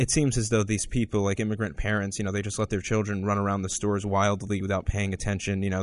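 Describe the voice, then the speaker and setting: A man hosting a talk podcast, rambling through stories with many restarts and sudden upward jumps in pitch. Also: a little hiss or hum. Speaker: podcast host. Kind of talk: casual opinion talk.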